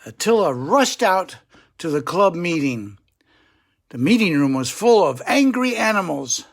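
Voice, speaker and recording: An older man, a grandfather, gently and chattily reading a children's picture book aloud to kids. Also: sits high, big pitch swings, measured pace. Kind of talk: children's story read-aloud.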